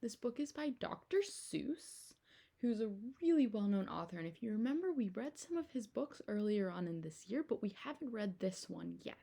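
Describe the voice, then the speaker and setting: A woman's voice: medium pitch, normal speed, creaky. A young adult woman teacher reading a picture book aloud to her class, asking the children questions as she goes. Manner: animated storytime delivery with questions to children.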